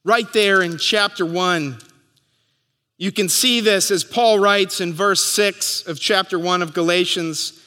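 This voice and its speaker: A man in his thirties preaching a sermon as pastor, telling stories and acting out the crowd's shouts. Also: sits high, a little slow. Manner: storytelling, acting out crowd voices. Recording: long hall reverb.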